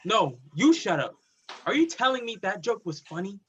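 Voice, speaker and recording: A man's voice: high voice, big pitch swings, moderate pace, fairly bright tone, husky, full character voice. A man reading the part of a blunt, stubborn young police officer in a play reading over a video call. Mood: arguing. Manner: blunt, argumentative. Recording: dull lo-fi video call audio.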